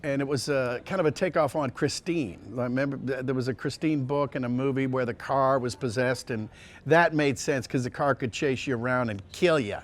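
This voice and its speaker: A male voice actor telling casual anecdotes in an interview, rambling with many restarts and sliding into quick impressions. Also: medium pitch. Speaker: voice actor guest.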